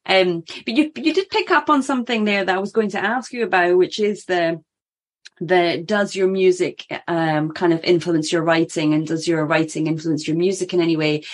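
A woman with a lowish voice hosts a podcast interview. She asks thoughtful questions and often restarts her sentences midway. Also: husky. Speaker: podcast host.

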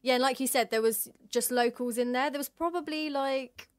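A woman's voice: high-pitched, moderate pace, no echo. A young woman co-hosting a travel podcast, chatting casually with laughs and fillers. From England. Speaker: podcast co-host.

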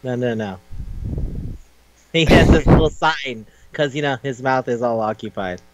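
Crude, animated man retelling a story. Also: medium pitch. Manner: animated, crude, acts out characters in quick quoted voices. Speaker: podcast co-host. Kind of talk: casual chat, retelling a manga. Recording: dull lo-fi recording with hum.

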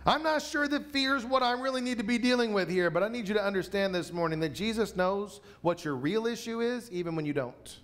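A pastor with a high, somewhat bright voice preaches emphatically to his church congregation. He slows down to repeat the key lines.

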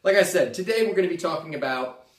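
A man's voice: a little high, expressive, fast, reverberant, far from the mic. A man hosting a sports podcast, talking loosely and casually with many fillers and restarts. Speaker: host. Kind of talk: sports betting podcast commentary.

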